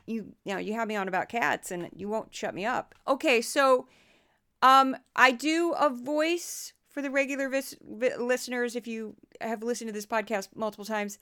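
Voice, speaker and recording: A woman's voice: fairly high pitch, moderate pace, a bit bright, smooth. A middle-aged woman from the US Midwest hosting a podcast. She talks in a chatty, casual way, with wry and self-deprecating asides. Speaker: podcast host.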